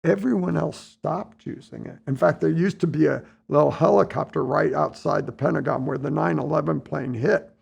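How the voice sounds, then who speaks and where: A man in his sixties from the United States, telling stories in a relaxed interview, acting out what people said. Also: fairly high pitch, normal speed, creaky, few pauses, husky. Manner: relaxed anecdotal storytelling, acts out dialogue. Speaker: podcast guest, retired Navy admiral. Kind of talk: casual storytelling interview.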